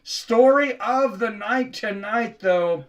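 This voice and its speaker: A man's voice: high-pitched, takes it slowly. A man from the Seattle area hosting a live sports reaction stream, chatting casually with viewers between plays.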